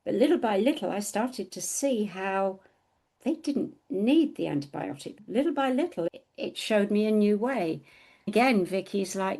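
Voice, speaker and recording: Middle-aged woman, gravelly low voice, mellow, chatty storytelling, acts out the other people's lines. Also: moderate pace. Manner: animated storyteller who acts out quoted dialogue with laughs. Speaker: podcast co-host telling her story. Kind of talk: storytelling in casual chat.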